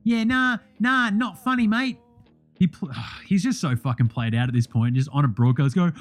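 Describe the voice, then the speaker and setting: A young Australian man hosts a basketball podcast, ranting bluntly and swearing often. His slightly high voice is animated at a moderate pace, with soft music playing in the background.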